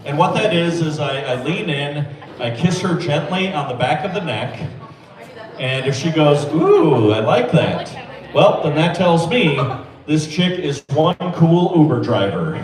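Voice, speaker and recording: A man's fairly high voice carries a deadpan, self-deprecating stand-up delivery. He sounds echoey and a little distant from the mic, with a lively crowd laughing around him in a small club. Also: measured pace. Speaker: stand-up comedian. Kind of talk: open-mic stand-up set. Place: small comedy club or bar.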